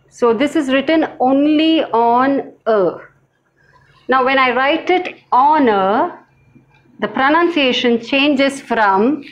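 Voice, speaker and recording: A woman teaching a language lesson, speaking slowly and carefully, repeating each word for her learners. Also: high-pitched, highs cut off. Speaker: French teacher. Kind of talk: slow classroom lesson.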